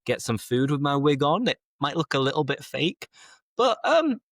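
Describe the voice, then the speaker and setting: A man's voice: mid-range voice, steady tone, fairly quick, fairly bright tone, no echo, studio quality. A man co-hosting an English-learning podcast, chatting casually in a teacherly way and slipping in Spanish phrases. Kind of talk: casual chat.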